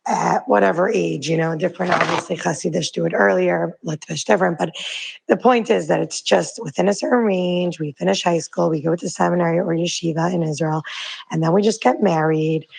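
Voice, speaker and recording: A hoarse woman in her thirties leaving a rambling, chatty voice note on her phone. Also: fairly low pitch, a little mellow, rough recording. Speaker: listener sending a voice note. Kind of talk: casual voice note. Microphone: phone voice message.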